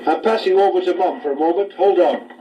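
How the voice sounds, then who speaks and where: A man's voice: sits high, a little fast, crowd noise. A father giving a cheerful taped message to his daughter, hurrying through parts of it. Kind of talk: spoken letter on tape. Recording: dull distant home tape with hiss.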